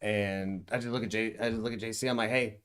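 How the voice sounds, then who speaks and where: A man's voice: fairly low pitch, little pitch movement, fast talker, a bit bright, smooth. A young man in a casual podcast chat, telling rambling stories full of swearing, dude and bro. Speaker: podcast co-host.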